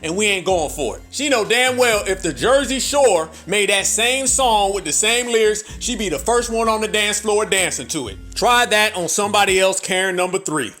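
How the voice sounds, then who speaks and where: A man's voice: high voice, animated, normal speed, hardly any pauses, bright, forceful tone, faint music behind. A man hosting political commentary, emphatic and profane, repeating points for emphasis. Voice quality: emphatic, repetitive, profane, preacher-like. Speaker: host.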